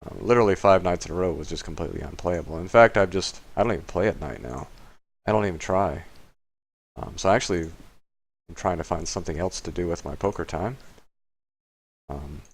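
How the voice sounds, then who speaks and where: A man from Florida hosting a casual poker channel, commentating on his hands in a rambling, hesitant way with bursts of excitement. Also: low-pitched, fairly quick, pauses often. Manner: rambling and hesitant, with many fillers. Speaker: poker player and channel host. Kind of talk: casual commentary while playing online poker.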